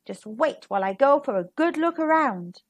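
A woman's voice: high voice, animated, normal speed, no echo. Woman doing a bossy, clucking mother hen. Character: anxious, protective mother hen.

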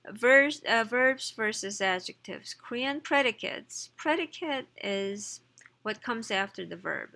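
A woman teaching a textbook lesson, reading lines quickly, then explaining them slowly and chattily with small slips and self-corrections. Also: fairly high pitch, lively intonation, gravelly, bright, forceful tone. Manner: reads Korean lines fast, then explains slowly in English. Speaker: Korean language teacher.

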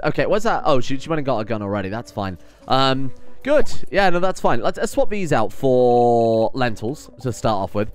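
A man giving casual let's-play commentary, often exasperated, swearing and swinging loud when things go wrong. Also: mid-range voice. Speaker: gaming commentator.

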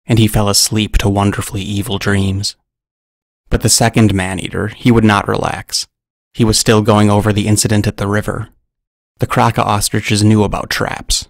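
A man telling a scripted story in narration, with a dry, deadpan humor. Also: lowish voice, normal speed, vocal fry, no echo.

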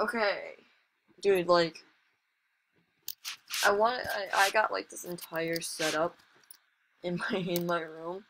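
A woman casually commentating her own online gameplay as a channel host, chatty and excitable, with sudden exclamations and self-mocking remarks. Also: on the low side, slow, pauses often, a little hiss or hum.

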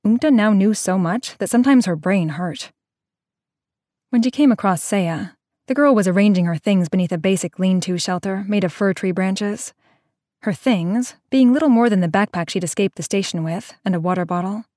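A woman narrating an audio drama in a slow, measured storytelling manner. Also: medium pitch, a little mellow, no room sound, studio quality.

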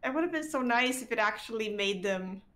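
A woman's voice: fairly high pitch, animated, brisk, fairly bright tone. A woman chatting casually while playing a co-op game, often flustered and exclaiming. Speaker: gamer. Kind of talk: casual co-op gameplay chat.

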